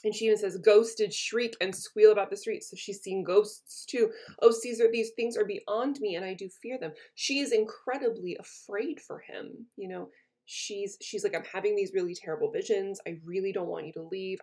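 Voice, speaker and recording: A woman's voice: medium pitch, a little fast, darkish tone. A woman teacher reading lines from a play aloud and retelling them in casual everyday words for her students. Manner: casual paraphrase.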